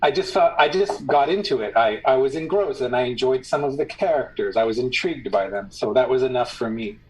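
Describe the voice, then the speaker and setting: A man talks casually over a call, weighing his opinions carefully. He speaks with hesitant restarts and an analytical bent. His voice sits at a plain middle pitch for a man. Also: lively intonation, brisk, darkish tone, rough recording. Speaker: guest on a call. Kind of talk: casual chat.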